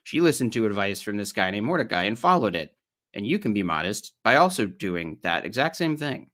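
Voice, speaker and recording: A streamer with an Ohio accent reads an article aloud on a livestream, mocking it sarcastically as he goes. His voice is lowish and a bit bright, at a moderate pace.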